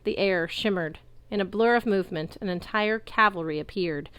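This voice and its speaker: A woman reading a novel aloud in a lively way, belting out the characters' shouts. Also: medium pitch, normal speed, clear, resonant tone, no room sound. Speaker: audiobook reader.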